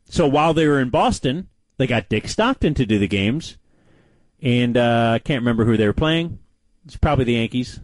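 A man co-hosting a casual sports chat show, telling stories with animated delivery. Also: moderate pace, no echo, low-quality recording. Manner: animated storyteller, lively pitch. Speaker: co-host.

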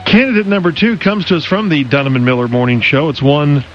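A man's voice: a little high, quick pace, fairly bright tone. A man hosting a radio talk show, reading segments and live ad spots in a laid-back way. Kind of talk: sports talk radio banter. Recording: dull lo-fi radio broadcast with faint music.

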